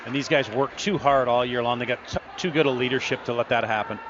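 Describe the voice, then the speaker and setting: A man's voice: medium pitch, fast, a crowd in the background, noisy background. Chatty colour commentator man, muffled. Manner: chatty, anecdotal, folksy.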